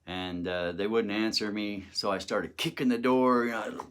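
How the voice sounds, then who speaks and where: A man's voice: lowish voice, normal speed, hardly any pauses, fairly bright tone, smooth. A middle-aged man telling a personal testimony, emotional and dramatic, acting out the quoted words. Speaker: testimony speaker.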